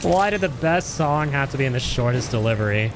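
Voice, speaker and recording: A man's voice: medium pitch, animated, fairly quick, noisy background. Chatty man streaming a game. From India. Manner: chatty, laughs often, greets chat. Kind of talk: casual live-stream commentary.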